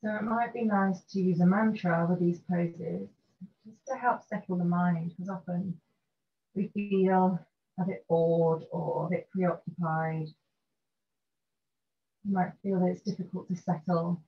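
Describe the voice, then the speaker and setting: Soft-spoken woman guiding restorative yoga. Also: lowish voice, fairly even intonation. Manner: gentle, slow and soothing guidance. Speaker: yoga teacher. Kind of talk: guided restorative yoga instruction. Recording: dull lo-fi recording with faint noise.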